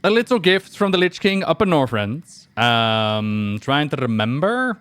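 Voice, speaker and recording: A man chatting casually while streaming a game, animated and laughing often. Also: a little high, unhurried, clear, resonant tone, dry recording.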